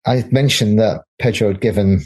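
This guest's voice is fairly low, husky, a little mellow, and at normal speed. A middle-aged graphic designer and film producer, he tells anecdotes in a casual interview, often laughing and performing the voices of those he quotes.

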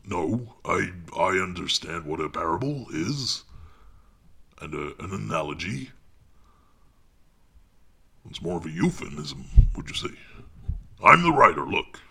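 A man's voice: sits low, gravelly, pushed and bright, breathy edge, heavily acted. An actor playing a pompous, self-important male writer who rambles and talks down to people while recording his audiobook. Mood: condescending. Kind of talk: comic monologue.

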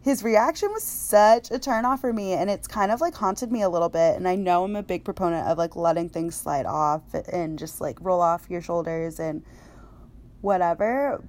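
A young woman hosts a casual podcast chat. Her voice sits a little low, and she tells her stories in a lively, chatty way with frequent laughter. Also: normal speed. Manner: chatty, laughs often, animated storytelling. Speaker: podcast host.

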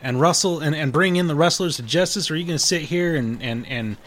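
A man voicing a high-strung, blustering cattle rancher with a put-on western rural drawl, swearing and stumbling over his words. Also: fast, a bit bright, natural voice. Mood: indignant.

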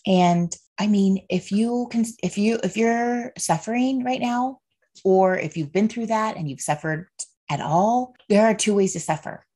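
A husky, dark-toned woman in her thirties speaks in a mid-range voice, a little slowly, as she hosts a casual solo podcast. She's earnest and heartfelt, talking openly about faith and feelings and often checking in with "right?" and "okay."

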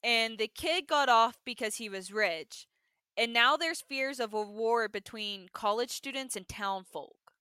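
Bright, high-pitched young woman storyteller. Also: unhurried, smooth, no echo. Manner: animated storyteller, heavy use of "like". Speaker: podcast co-host. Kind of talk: casual chat recapping a TV episode.

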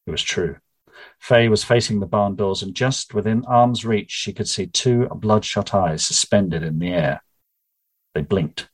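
A man's voice: on the low side, moderate pace, slightly rough, low-quality recording. A middle-aged man, the book's author, chatting upbeat about his novel and then reading from it aloud. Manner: chatty and upbeat, with small restarts.

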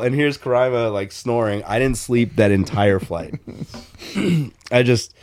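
A man's voice: medium pitch, measured pace. A man telling a story in casual podcast chat, loose and profane, full of "like" fillers and restarts. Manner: rambling, animated retelling with restarts. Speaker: podcast co-host.

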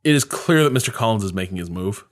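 A man's voice: lowish voice, expressive, quick pace. A man co-hosting a casual podcast, analyzing the story with enthusiasm and frequent fillers. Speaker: podcast co-host. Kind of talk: casual chat analyzing a period drama.

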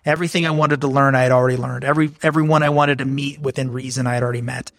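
A man's voice: mid-range voice, fairly even intonation, rapid-fire, vocal fry, a bit bright, dry recording, studio quality. A man talking as a podcast guest, frank and anecdotal, acting out the exchanges he describes. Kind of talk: candid conversational storytelling.

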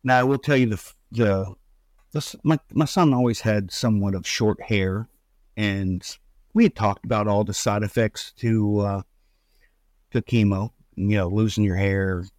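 Low-voiced father, halting and emotional. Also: steady tone, darkish tone, no echo. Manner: rambling, halting, with many restarts and fillers. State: holding back tears. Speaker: guest, bereaved father. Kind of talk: emotional personal storytelling in an interview.

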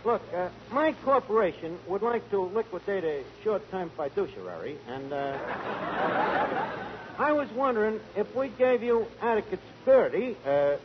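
A brash, scheming bar manager. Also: male voice, sits high, very animated, normal speed. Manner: brash wisecracking with malapropisms. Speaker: tavern manager. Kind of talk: 1940s radio sitcom acting. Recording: dull lo-fi 1940s radio broadcast with hiss.

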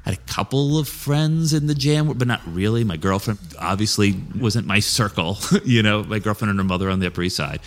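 Rambling, cussing man with a low voice. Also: brisk, few pauses. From New York area. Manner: rambling, profane, lots of "like". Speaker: guest. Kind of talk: casual storytelling.

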